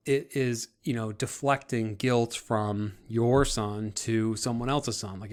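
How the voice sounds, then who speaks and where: A man's voice: medium pitch, fairly even intonation, unhurried, hardly any pauses, clear, resonant tone. A male teacher explaining a group assignment to his students in a conversational way, with frequent fillers and restarts. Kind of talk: classroom instruction video. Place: recorded for an online class.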